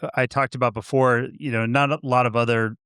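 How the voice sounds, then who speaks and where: Relaxed guy on a podcast, talks loose and easy, dry mic. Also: medium pitch, brisk, smooth, no room sound. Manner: laid-back, relaxed slang. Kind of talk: casual chat.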